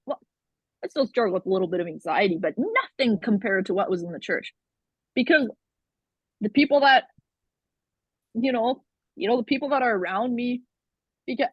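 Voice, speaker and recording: A woman's voice: mid-range voice, slightly rough, no room sound. Frank, rambling woman in her twenties. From Canada. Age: 20s. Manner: rambling, frank, swears freely. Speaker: guest. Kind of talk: candid conversational interview. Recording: slightly muffled lo-fi sound.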